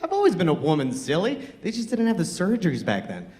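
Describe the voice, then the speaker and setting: A man's voice: high voice, wildly swooping pitch, quick pace, a little mellow, voice pushed up. A man voicing a breezy, sassy woman version of a holy figure, talking casually. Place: comedy club stage.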